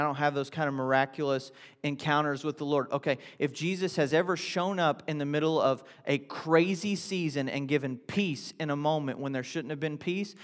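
A man's voice: on the high side, big-room sound. A man preaching a sermon in a conversational way, asking questions and building to emphatic repetition. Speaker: pastor.

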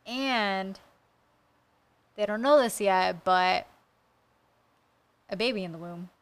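A woman co-hosting a casual true-crime podcast, blunt and quick to swear. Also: mid-range voice, smooth. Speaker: podcast co-host.

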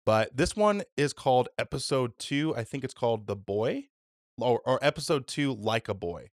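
A man's voice: mid-range voice, expressive, moderate pace, dry recording, studio quality. A man hosting a podcast in casual chat, laid-back, swearing freely and using many fillers. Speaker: podcast host.

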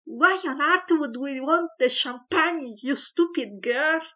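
A woman voicing a pompous, hot-tempered squire father in a read-aloud story, given to theatrical booming outbursts. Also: measured pace, pushed and bright, exaggerated voice. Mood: raging.

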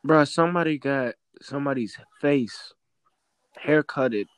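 A young man talks loosely with friends, rambling and often trailing off before he finishes. His voice sits at an average pitch. The sound is dry and close, with no room around it. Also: unhurried, clear, resonant tone, dry recording. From Maryland. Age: young adult. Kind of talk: casual chat.

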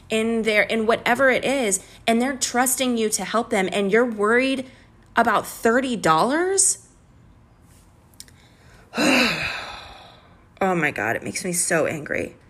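A woman's voice: medium pitch, a bit bright. Heated woman ranting about business. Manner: heated, exasperated ranting with swearing. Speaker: podcast host and business coach. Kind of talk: candid business podcast monologue.

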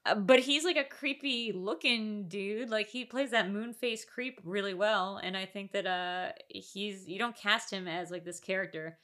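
A woman's voice: mid-range voice, a little slow, hardly any pauses, fairly bright tone. A woman co-hosting a podcast, giving strong opinions in casual chat with lots of filler words. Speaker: podcast co-host.

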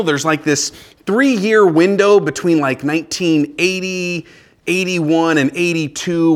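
A man in his forties, a pastor giving a casual, conversational sermon in a church with joking asides to the congregation. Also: a little high. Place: church sanctuary.

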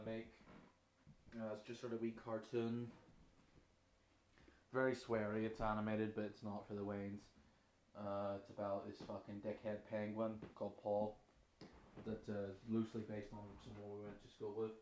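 A man's voice: lowish voice, completely flat delivery, normal speed, long pauses, a little mellow, slight background noise. Sweary Northern Irish man, echoey room. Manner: sweary, rambling, self-mocking. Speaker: podcast host. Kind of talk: casual unscripted chat. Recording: roomy echoing room.

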